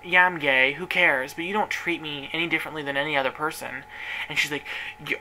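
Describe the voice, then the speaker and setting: Young man vlogging a personal story, emotional and rambling, very bright voice, faint hiss. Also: a little high, fairly even intonation, a little fast, rough recording.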